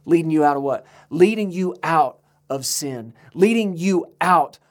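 American male preacher, emphatic sermon delivery, slightly high voice. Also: expressive. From United States. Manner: emphatic, slows to stress key words, rises to high pitch for appeals.

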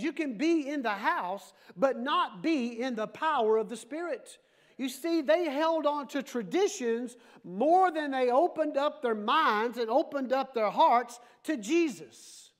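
Male pastor, very high voice, lively sermon with humorous asides. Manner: animated preaching with playful asides.

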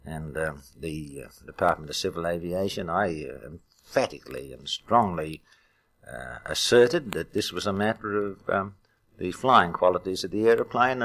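Deep-voiced older man reminiscing haltingly. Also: a bit bright. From Australia. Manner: halting, many "uh" fillers, reminiscing. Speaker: retired airline pilot, interviewee. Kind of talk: archival oral history interview. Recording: archival interview tape.

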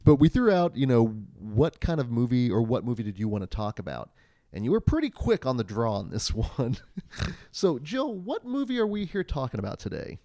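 A man's voice: medium pitch, sing-song, brisk, warm tone, no room sound, studio quality. A man hosting a casual film podcast, rambling and laughing as he leads the talk. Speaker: podcast host.

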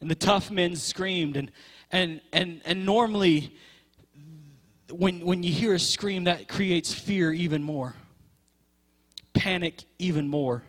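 A man's voice: sits high, slow pace, pauses often, fairly bright tone. A man preaching a sermon with passion, stretching key words and repeating phrases for emphasis.

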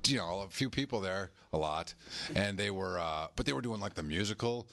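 A man's voice: low voice, expressive, brisk, gravelly, a bit bright. A man co-hosting a comedy podcast on a live stage, telling rambling stories with lots of laughter. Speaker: podcast co-host. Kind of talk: casual comedic chat.

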